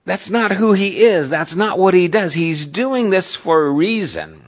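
A man's voice: sing-song, a little slow, few pauses. Conversational man preaching a sermon. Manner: conversational, asks the audience questions; swings between loud emphasis and soft, low asides. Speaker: pastor.

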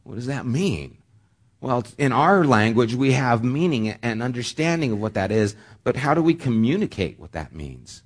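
A man's voice: medium pitch, sing-song, normal speed, hardly any pauses. A man preaching a sermon as pastor, talking in a conversational way with joking asides.

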